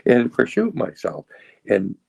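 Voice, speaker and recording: Man in his sixties, deep gravelly voice, halting recovery testimony, dry close sound. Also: wildly swooping pitch, darkish tone, no room sound, poor audio. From Boston area, USA. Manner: halting, repeats words, self-deprecating humor. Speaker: guest sharing recovery story. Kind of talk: personal testimony.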